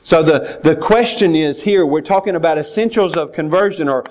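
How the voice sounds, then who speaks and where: An earnest man delivering a sermon from the pulpit. His voice sits a little high for a man, and he doubles back on words as he reads and explains the text. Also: normal speed, a little mellow. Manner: earnest, repeats words while reading scripture aloud. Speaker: pastor.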